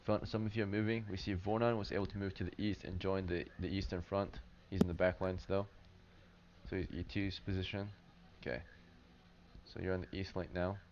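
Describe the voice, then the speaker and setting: A man's voice: low voice, little pitch movement, brisk. A man running a tabletop game as game master, narrating loosely with lots of fillers and "right?" check-ins to his players. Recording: dull lo-fi stream audio with faint hiss.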